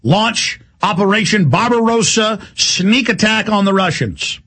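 A man hosting a radio show, delivering a fast, heated, rambling monologue in a gravelly, husky voice. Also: a little high, a bit bright. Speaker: talk radio host.

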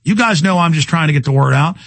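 A man hosting a talk radio show, ranting in an agitated way and tripping over repeated words. His voice is husky and sits fairly high for a man. The sound is close and dry. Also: quick pace, fairly bright tone, no echo. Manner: ranting, agitated, stumbling repetitions.

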